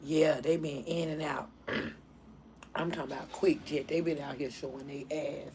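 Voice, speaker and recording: A woman hosting a casual live stream, telling stories in an animated way and laughing often. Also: deep voice, normal speed, slight background noise, low-quality recording.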